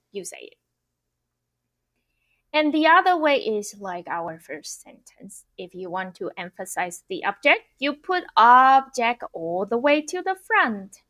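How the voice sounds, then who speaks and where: A woman teaching an online Mandarin lesson, who explains cheerfully and repeats phrases slowly. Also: a little high, fairly bright tone. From Taiwan.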